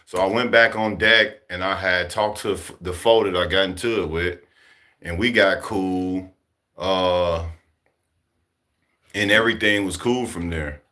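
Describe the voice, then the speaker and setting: A man from Chicago casually telling a story to his viewers, profane and animated, laughing as he goes. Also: low-pitched, measured pace. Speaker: vlogger talking to his viewers.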